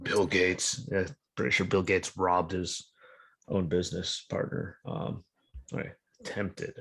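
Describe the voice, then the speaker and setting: A man's voice: low voice, little pitch movement, takes it slowly, creaky, a bit bright, breathy edge. A sleep-deprived man hosting a podcast over a video call, talking in a blunt, sarcastic, profane and rambling way. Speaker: podcast host. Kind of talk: casual political chat.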